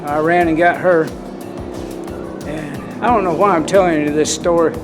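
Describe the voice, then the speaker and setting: Earnest Southern vlogger, slightly high voice, rambling folksy delivery, music underneath. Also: male voice, steady tone, moderate pace. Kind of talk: personal storytelling and spiritual talk. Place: outdoors in cold wind. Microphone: handheld camera.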